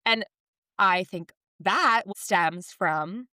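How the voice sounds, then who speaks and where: A woman in her thirties chats on a podcast with a bright, forward tone. She tells stories with lively energy and acts out what others said. The sound is close and dry. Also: mid-range voice, drawn-out words, dry recording. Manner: animated storytelling, acts out quotes. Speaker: podcast co-host. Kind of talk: casual podcast chat.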